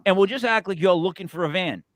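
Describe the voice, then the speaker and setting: A man hosting a casual paranormal talk show, excitable and stammering as he jumps between ideas. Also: high voice, fast, noisy background. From Italian-American. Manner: excitable, stammers and repeats words. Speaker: podcast host. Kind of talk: casual chat.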